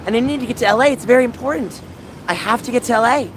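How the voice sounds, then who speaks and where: Racing along in a very high voice, a man livestreams games from San Francisco amid background noise. Reading his live chat, he talks casually with viewers and rambles through aggrieved venting.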